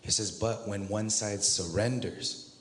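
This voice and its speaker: A very low-voiced man tells his own story in a loose, conversational way, slipping into the voices of the people he quotes and laughing as he goes. The sound has a long, lingering reverb, with faint noise underneath. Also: steady tone, measured pace. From Southern California. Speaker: interview guest. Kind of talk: personal testimony in a church interview.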